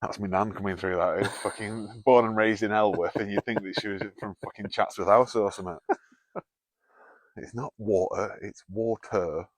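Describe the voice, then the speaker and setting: A man's voice: lowish voice, fairly even intonation, normal speed, no echo. A man hosting a night ghost hunt in a canal tunnel, joking, swearing freely and calling out to a spirit. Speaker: paranormal investigator host. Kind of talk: casual chat during a night investigation.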